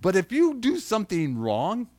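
A middle-aged man preaching a sermon, animated, acting out quotes and asking his congregation questions. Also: sits high, normal speed, no echo. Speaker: pastor.

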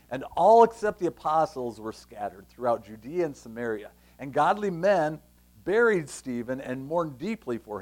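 A man preaching a conversational sermon, reading scripture aloud and acting out scenes with lively asides. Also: mid-range voice. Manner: animated, conversational, acts out scenes. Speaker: pastor.

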